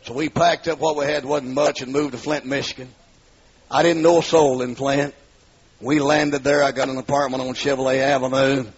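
A man's voice: mid-range voice, level tone, normal speed. A man preaching his life testimony in a storytelling manner, acting out the dialogue and rising into pleading cries, from the southern United States. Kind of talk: testimony sermon. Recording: muffled, husky lo-fi recording.

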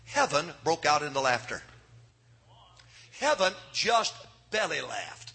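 Male revival preacher, husky and bright, hushed-to-shouting delivery. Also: a little high, very animated, slow pace. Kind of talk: revival sermon. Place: church sanctuary.

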